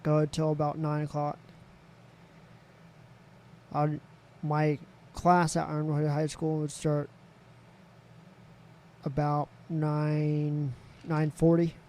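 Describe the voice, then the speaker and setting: A man's voice: on the high side, monotone, slow, pauses often, mellow, slight background noise. A man, a podcast guest telling a personal story in casual talk, candid and swearing freely. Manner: candid, swears freely, voices others in quotes.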